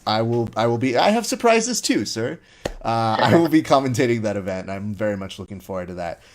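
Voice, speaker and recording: Animated storytelling man, lowish voice. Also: fast talker, a little hiss or hum. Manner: animated storyteller who acts out quoted lines. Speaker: podcast host. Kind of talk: casual interview chat.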